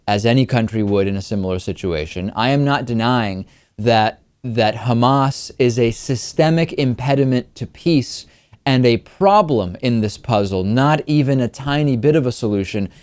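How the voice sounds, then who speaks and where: A male political talk show host delivers his commentary with emphasis and insistence, and he speeds up when he presses a point. His voice sits at a mid pitch. The sound is close and dry. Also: normal speed, a little mellow, no room sound. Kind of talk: opinionated news commentary.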